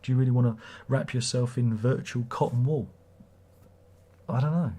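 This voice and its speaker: A man's voice: medium pitch, fairly even intonation, moderate pace, mellow. A man hosting a casual livestream, rambling and swearing as he reads viewer comments aloud. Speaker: livestream host.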